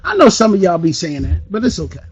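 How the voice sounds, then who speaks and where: A man with a strikingly high voice delivers a motivational business training, hyped and full of energy. He keeps throwing questions at his listeners and pushes them along like a preacher working a crowd. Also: huge pitch swings, fast talker, background noise. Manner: addresses the audience with questions. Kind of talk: motivational online training talk. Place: Philadelphia.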